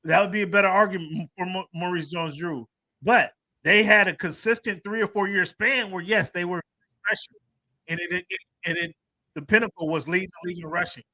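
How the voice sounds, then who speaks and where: A man's voice: sits high, fairly quick, bright, forceful tone, dry recording. A man co-hosting a sports talk show, arguing heatedly and insistently, repeating his points and talking over his partner. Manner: insistent, repeats himself, talks over others.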